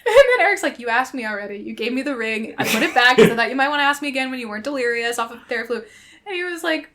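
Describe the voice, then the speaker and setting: Woman podcast co-host, bright and a bit high, animated storyteller who acts out the lines. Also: racing. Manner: animated retelling, acting out characters' lines with frequent laughter. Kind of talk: casual chat retelling a fanfic.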